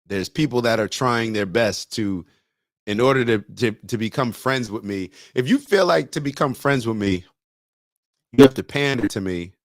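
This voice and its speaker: A man hosting a morning podcast, talking bluntly and casually with slang, now and then joking in a high singing voice. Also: dry recording, studio quality. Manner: blunt, slangy, animated, breaks into falsetto singing jokes. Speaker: morning show host. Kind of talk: casual motivational podcast talk.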